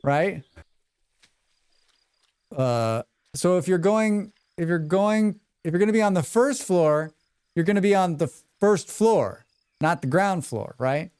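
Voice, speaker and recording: An American man talks through a live game stream in a loose, rambling way, turning to his chat between reading on-screen tips aloud. His voice sits a little high for a man and comes through smooth and clear. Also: animated, slow, long pauses, a little mellow. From United States. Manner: chatty, rambling asides to chat, reads tutorial text aloud. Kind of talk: casual live gameplay commentary.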